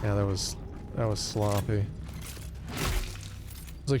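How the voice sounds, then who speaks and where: A young man streaming a game, telling a story in an animated, profane rant and acting out both sides of a phone call. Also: fairly low pitch, takes it slowly, long pauses, background noise. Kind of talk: casual live-stream storytelling while gaming.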